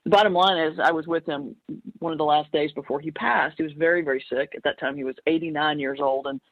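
A woman who is a minister and comedian, telling a story in an interview in a playful, animated way. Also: sits low, fast talker, no echo. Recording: dry, slightly muffled remote audio.

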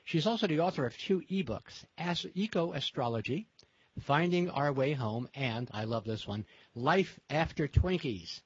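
A man's voice: mid-range voice, breathy edge, no echo. A man hosting an interview show, chatty and storytelling, with a few fillers. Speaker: host. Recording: dry muffled lo-fi sound.

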